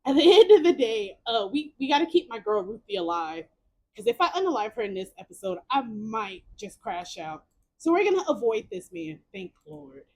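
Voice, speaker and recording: A young woman streamer narrates a story game and reacts in excited bursts. Her fairly high voice swoops up and down a lot. She piles up repeated words when something surprises her. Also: moderate pace, gravelly. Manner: animated, exclamatory, repeats words. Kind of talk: reading a choice game aloud with reactions.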